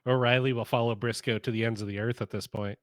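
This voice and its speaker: A man's voice: mid-range voice, steady tone, quick pace, no echo. Easygoing man chatting about wrestling. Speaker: podcast co-host. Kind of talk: casual wrestling chat.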